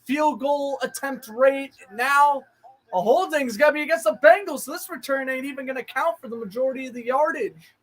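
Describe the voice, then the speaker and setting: A man calling a football game as a fan, chatty and joking with friends, breaking into shouts on big plays. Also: very high voice, normal speed, low-quality recording. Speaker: fan play-by-play commentator. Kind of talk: live fan watch-along commentary.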